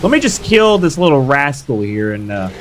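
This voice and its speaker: Excitable young male game streamer. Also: medium pitch, moderate pace, noisy background. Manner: excitable, hyped shouts while fighting. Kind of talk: live gameplay commentary chatting with viewers.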